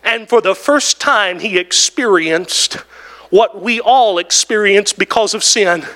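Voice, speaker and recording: A man preaching a sermon in church, building to shouts and drawn-out, emphatic phrases broken by "oh" and "hallelujah". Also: high-pitched. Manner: drawn-out emphatic delivery with interjected "oh" and "woo, hallelujah". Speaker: pastor.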